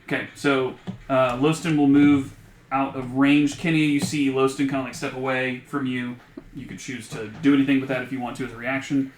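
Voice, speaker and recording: A man's voice: mid-range voice, flat delivery, fairly quick. A man acting as game master, casually explaining rules and scenes with many fillers. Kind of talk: running a tabletop game. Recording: echoey room with loud music.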